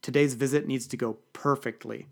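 A man voicing a bossy, loud male political staffer who talks in brisk, commanding bursts. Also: medium pitch, fairly even intonation, gravelly.

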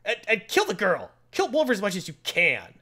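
A man's voice: high voice, wildly swooping pitch, fairly quick, sharp tone, pitched above the performer's own voice, exaggerated voice. A man voicing a smug, bratty teenage tech villain who taunts and gloats in a whiny way. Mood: shrill demanding.

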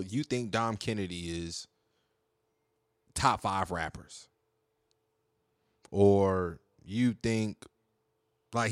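A man's voice: on the low side, no room sound, studio quality. A young man hosting a podcast solo, talking in a heated, profane, rambling way. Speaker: podcast host. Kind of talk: casual monologue podcast.

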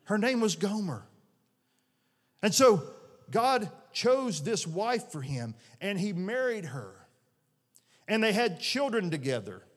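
A man's voice: sits high, sing-song, takes it slowly, long pauses. Earnest preaching man in a reverberant hall. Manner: earnest, conversational preaching with many restarts. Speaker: pastor. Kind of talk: sermon. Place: church sanctuary. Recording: long reverb of a large hall.

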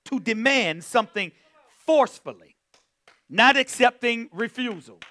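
High, lively, bright-voiced fervent pastor. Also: male voice, a little slow. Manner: fervent, exclaiming and humming between points; calls on the congregation to respond. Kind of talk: sermon.

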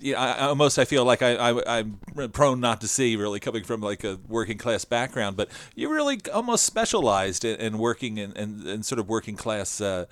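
A middle-aged man hosting an interview, speaking thoughtfully and haltingly with many fillers. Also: lowish voice, expressive, fairly bright tone. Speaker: podcast host. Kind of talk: casual interview chat.

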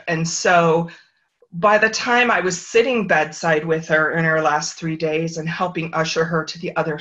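A woman's voice: medium pitch, sharp tone, muffled recording. A middle-aged woman, an author and interview guest, telling a personal story in a reflective, earnest way. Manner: reflective, earnest, with brief quoted voices.

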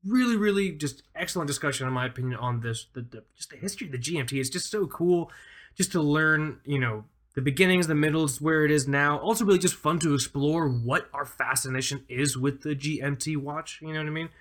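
A man's voice: fairly high pitch, fairly quick, a bit bright. Rambling enthusiastic man in his thirties. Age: 30s. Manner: rambling, enthusiastic, many fillers. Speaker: podcast co-host. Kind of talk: casual podcast chat.

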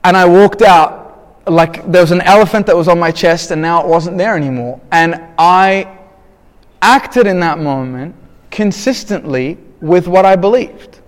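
Man, candid and rambling storyteller, a bit high-voiced, recorded in a reverberant hall. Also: measured pace. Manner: candid, rambling, with many restarts and "blah, blah". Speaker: speaker telling a personal story. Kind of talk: personal storytelling talk.

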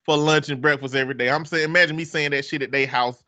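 A man's voice: fairly high pitch, quick pace. A man with an Alabama Southern accent, chatting casually and expressively, cursing and laughing often. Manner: animated, profane, laughing often. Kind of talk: casual chat.

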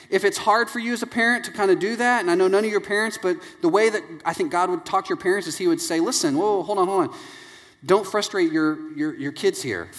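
A man in his thirties delivers a sermon as an animated storyteller, slipping into family members' voices. His voice sits slightly high. The sound carries a long hall reverb. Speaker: pastor. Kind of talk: sermon with anecdotes.

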